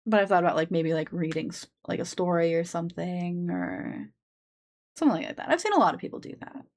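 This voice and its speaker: A woman streamer chatting loosely with her viewers, her voice sitting a bit low. She rambles, circling back with fillers and restarts as she thinks aloud. Her sensitive desk mic catches her up close. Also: big pitch swings, a little fast, a little mellow. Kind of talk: casual live-stream chat. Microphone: sensitive desk microphone.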